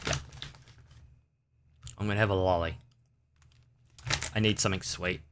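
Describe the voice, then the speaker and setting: A man's voice: sits low, steady tone, unhurried, background noise. A man hosting a casual livestream, rambling and chatting with his viewers. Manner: rambling, chatty, talks to chat. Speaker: livestream host.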